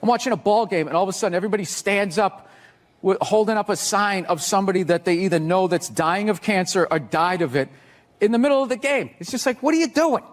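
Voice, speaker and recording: A man doing a stand-up comedy routine, ranting and sarcastic, swearing and shouting his punchlines on a live stage. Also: sits high, fast.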